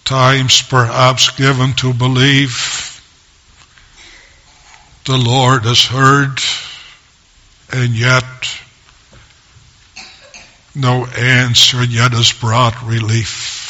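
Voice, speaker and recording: A man preaching a sermon as pastor, in slow, measured short phrases with long pauses. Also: medium pitch, level tone, bright, forceful tone, lo-fi sound.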